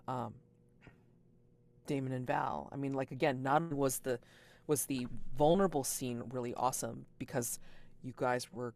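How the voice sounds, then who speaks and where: A man chats loosely after a tabletop game session, piling on fillers as he circles his points. Now and then he bursts up into excited, high-pitched reactions before settling back down. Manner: rambling, heavy with fillers and sudden excited outbursts. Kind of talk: casual post-session feedback.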